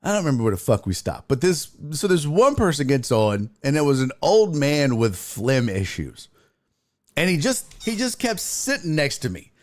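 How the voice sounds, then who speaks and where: At normal speed and a pitch on the high side, a man hosting a sports talk podcast tells a casual, funny, profane story. He stays animated throughout and voices the other people in it.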